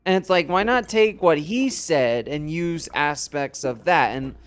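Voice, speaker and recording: A man's voice: fairly high pitch, lively intonation, unhurried, smooth, dry recording. A man co-hosting a casual reaction chat, chiming in with brief, wry remarks. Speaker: podcast co-host.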